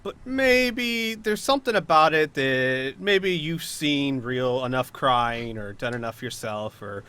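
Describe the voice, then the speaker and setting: Man game master, hesitant narration, medium pitch. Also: expressive, takes it slowly, bright, forceful tone, clear, resonant tone. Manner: hesitant, filler-heavy narration.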